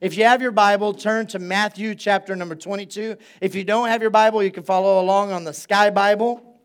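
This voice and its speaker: A male pastor preaching a sermon in a relaxed, conversational way, repeating phrases for emphasis and drawing call-and-response from his congregation at a church service. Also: sits high, a little fast, clean tone.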